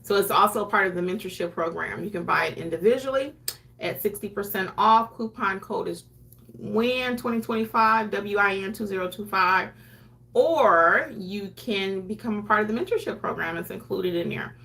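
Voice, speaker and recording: Bright-voiced chatty woman teaching notaries. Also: medium pitch, moderate pace, vocal fry. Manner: chatty, conversational, acts out clients' lines. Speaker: notary educator and YouTube host. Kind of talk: casual teaching talk to camera.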